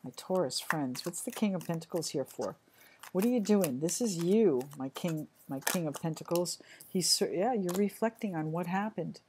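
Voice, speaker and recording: Chatty woman reading tarot, somewhat low voice. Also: expressive, background noise. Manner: chatty, halting, apologetic, frequent restarts. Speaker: tarot reader. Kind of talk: casual tarot reading to camera.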